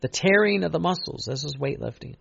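A man's voice: fairly high pitch, animated, fairly quick, vocal fry, a bit bright, husky, no room sound, muffled recording. A man preaching a sermon in an earnest, repetitive way, stressing key phrases and often restarting.

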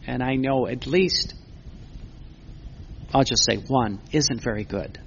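A Catholic preacher delivers an earnest sermon, posing questions and answering them himself while repeating words to build his point. His medium-pitched voice is slow with vocal fry, captured on a muffled lo-fi recording with slight background noise.

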